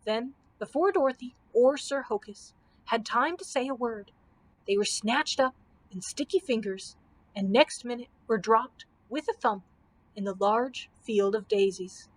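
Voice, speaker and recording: A woman librarian reading a children's storybook aloud with expressive, measured storytelling. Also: fairly high pitch, poor audio.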